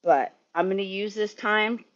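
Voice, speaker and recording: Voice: mid-range voice, steady tone, unhurried, highs cut off. A sleepy, yawning streamer rambling and swearing in casual chat with viewers while working in a garage. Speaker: livestreamer.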